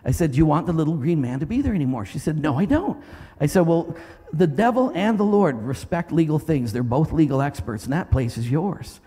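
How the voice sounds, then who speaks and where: A middle-aged man preaching in a church sanctuary, his voice slightly husky and rising and falling with a lot of life. He tells his story with animated energy and breaks into loud commanding shouts. A long reverb hangs after his words in the big hall. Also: on the high side, brisk. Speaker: pastor. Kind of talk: sermon.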